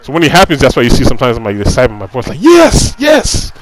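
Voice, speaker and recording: A man's voice: medium pitch, lively intonation, racing, poor audio. Frustrated man ranting over gameplay. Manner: repeats himself, fillers like "you know". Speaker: gaming commentator. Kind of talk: casual gameplay commentary.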